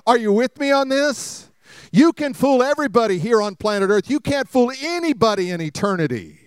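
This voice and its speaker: A pastor with a very high, expressive, resonant voice preaches at a moderate pace, speaking clearly. He tells funny personal stories and fires rhetorical questions at the congregation. The studio-quality recording has no room sound.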